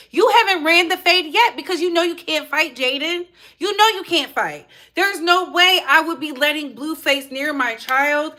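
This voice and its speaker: A woman's voice: high voice, sharp tone. A woman giving blunt, sassy reaction commentary on a vlog, repeating her points for emphasis. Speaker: commentary vlogger.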